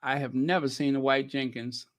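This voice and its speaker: A man's voice: mid-range voice, level tone, normal speed, dry recording, studio quality. A man from the United States hosting a channel, giving chatty, teasing commentary on news clips with laughing asides. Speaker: channel host.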